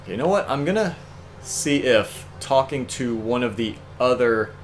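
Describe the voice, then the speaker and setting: A young man co-hosts a let's play, chatting casually and wryly in a mid-range, animated voice at an unhurried pace. He often sounds exasperated and laughs, with soft music in the background.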